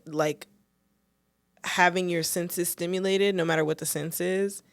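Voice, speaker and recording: A woman's voice: on the low side, steady tone, measured pace, no room sound, studio quality. A woman co-hosting a podcast, speaking frankly in giggly casual chat full of "like" fillers. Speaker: podcast co-host.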